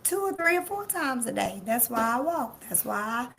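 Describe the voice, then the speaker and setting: A slightly high, very animated woman's voice at a moderate pace, with vocal fry and a fairly bright tone, plus a little hiss or hum in the audio. She's a life coach hosting a live-streamed motivational talk, speaking emphatically, repeating key phrases and addressing her audience directly, laughing easily and chatting with those in the room.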